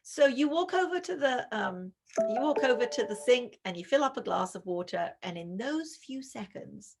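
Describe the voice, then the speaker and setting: Calm woman with a gravelly edge. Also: on the low side. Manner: calm, measured, addresses listener as "you". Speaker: author and guest speaker. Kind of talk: talk walking through a parenting scenario. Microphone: video call.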